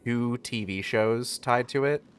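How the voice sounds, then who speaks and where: A man's voice: medium pitch, measured pace, clean tone. A man giving casual, rambling, profane commentary while playing a video game, talking to himself as he goes. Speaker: gaming streamer. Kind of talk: casual let's-play commentary.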